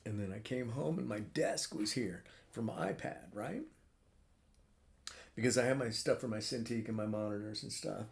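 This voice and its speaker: Gravelly middle-aged man rambling profanely. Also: medium pitch, slight background noise. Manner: rambling and profane, lots of fillers. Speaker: cartoonist streamer. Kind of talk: casual live-stream chat. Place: home drawing room.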